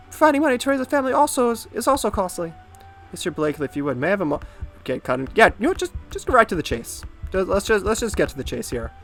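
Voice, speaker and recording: A man's voice: fairly high pitch, vocal fry, fairly bright tone. A young man giving rambling, sarcastic commentary while playing through a dating game. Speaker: game let's-player. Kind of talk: casual gameplay commentary.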